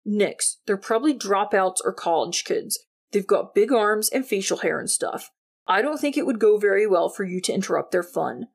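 A woman's voice: medium pitch, expressive, normal speed, gravelly. A woman reading an audiobook, voicing a teenage boy who talks in a dry, bossy, sarcastic way. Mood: urging. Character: cautious, sarcastic teen boy Jordan.

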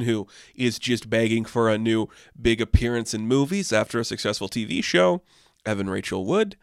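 A young man hosting casual entertainment news commentary, animated and sarcastic, swinging between deadpan asides and excited outbursts. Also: medium pitch, clear, resonant tone, dry recording, studio quality.

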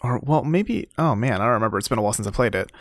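A man recapping a video game story casually as podcast co-host, relaxed and full of fillers. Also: medium pitch, no echo, clean studio sound. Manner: relaxed, filler-heavy recaps, quick to laugh.

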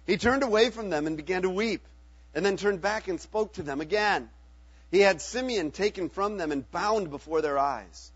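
Man reading scripture aloud, slightly high voice, casual asides, dull lo-fi recording. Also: moderate pace, slightly rough, dry recording. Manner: plain reading broken by joking asides. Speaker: scripture reader. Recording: dull lo-fi, dry.

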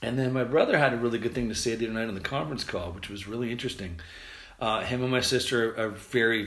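An American man hosting a podcast, talking casually and quickly, rambling with restarts and fillers. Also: on the low side, a bit bright. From United States. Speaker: podcast host. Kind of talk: casual solo podcast monologue. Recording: roomy echo.

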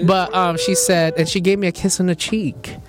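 A man's voice: high voice, level tone, moderate pace, over music. A young man hosting a podcast, animatedly telling a dream story with laughs, casual chat among friends. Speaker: podcast host.

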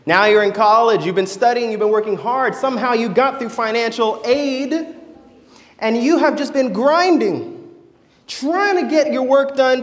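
A man preaching a sermon, telling a story and acting out its voices. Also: very high voice. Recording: echoey church hall.

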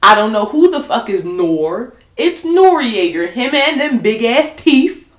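A woman's voice: high voice, animated, normal speed, echoey room. A woman co-hosting a podcast, talking in a blunt, heated and profane way in casual chat. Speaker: podcast co-host.

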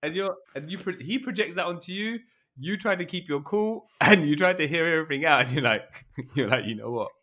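A man's voice: a little high, expressive, a little fast, bright, forceful tone. A man co-hosting a podcast in casual, joking chat who mimics the voices of others. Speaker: podcast co-host.

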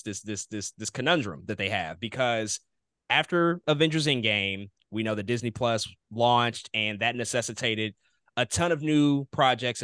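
A man's voice: medium pitch, a bit bright, clean tone, dry recording, clean studio sound. A man hosting a casual podcast discussion, musing and thinking aloud as he poses questions to his guests. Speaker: podcast host. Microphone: podcast microphone.

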